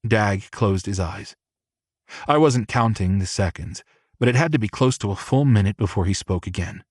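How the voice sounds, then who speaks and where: A man reading a novel aloud as a first-person audiobook narrator, in a slow and measured way. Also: lowish voice, expressive, darkish tone, husky, dry recording, clean studio sound.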